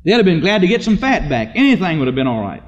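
A man's voice: on the high side, very animated, quick pace, big-room sound, dull audio. Man putting on a nagging devil voice. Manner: coaxing, insistent.

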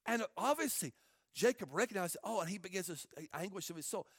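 A man preaching as a pastor, an impassioned sermon that swings from hushed asides to near shouts. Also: high voice, big pitch swings, fairly quick, vocal fry, dry recording, clean studio sound.

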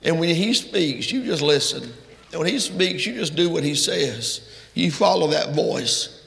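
A man preaches, his voice gravelly and slightly high. His delivery is fervent and builds to loud, emphatic peaks. The recording carries a long reverb that makes the hall sound big and distant. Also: lively intonation, a little slow. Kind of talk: sermon. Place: church sanctuary. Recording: echoey hall from far off.

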